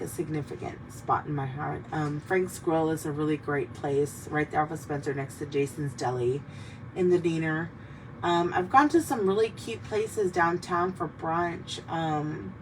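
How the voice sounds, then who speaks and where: A young woman hosting a casual drinking chat, rambling, swearing freely and heartfelt. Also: deep voice. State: tearful in places. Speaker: host. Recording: mic a bit distant, faint background noise.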